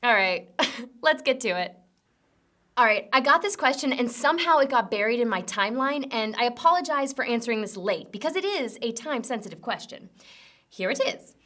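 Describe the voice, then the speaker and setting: A woman's voice: a little high, animated, a little fast, sharp tone. A young woman hosting a comedic news rundown, delivering sarcastic punchy jokes. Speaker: host.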